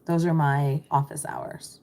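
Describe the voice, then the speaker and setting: On a livestream, a middle-aged American business coach with a lower-pitched voice speaks straight into her computer mic, reading the chat and answering viewers in a chatty, reassuring way. Her delivery is flat and mellow at a measured pace, with a little hiss or hum.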